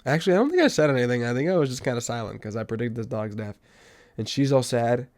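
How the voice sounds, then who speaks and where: A young man hosting a podcast, telling stories in a casual monologue that swings from loud outbursts to low mutters. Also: animated, fast. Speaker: podcast host.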